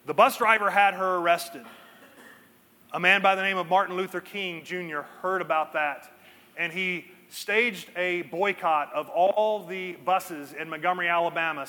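In a large hall, a male pastor with a high-pitched, sharp voice preaches a sermon with earnest emphasis. He uses dramatic pauses and slows down to stress key points.

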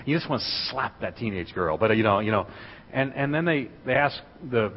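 A man's voice: medium pitch, brisk. Man preaching in an echoing church hall. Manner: storytelling, building to loud excited preaching. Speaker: guest speaker. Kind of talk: sermon. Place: church sanctuary. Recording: dull recording in a reverberant hall.

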